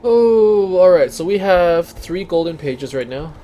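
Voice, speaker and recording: Lively Canadian man commenting on a game. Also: sits high, measured pace. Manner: chatty, thinks aloud, swears casually. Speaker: let's play host. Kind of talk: casual gameplay commentary.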